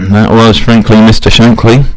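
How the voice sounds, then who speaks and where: A young man rambling through a casual solo monologue, self-mocking and chuckling at his own jokes. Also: on the low side.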